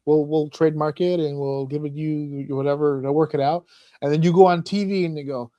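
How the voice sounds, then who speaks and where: A man hosting a wrestling podcast, telling stories in a profane, animated way, often mocking fans in put-on voices. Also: a little high, quick pace, no echo, studio quality. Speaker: podcast host. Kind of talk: casual chat.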